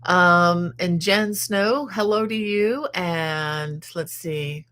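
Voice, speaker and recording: Low-voiced woman in her sixties. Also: extremely slow. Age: 60s. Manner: chatty, warm-hearted, many fillers and restarts. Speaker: crochet channel host. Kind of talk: casual live-stream chat reading viewer comments.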